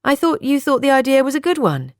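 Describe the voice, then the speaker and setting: A woman's voice: high voice, very animated, fast, dry recording, studio quality, pitched above the performer's own voice. Woman voicing a shaken, upset young heroine. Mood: agitated.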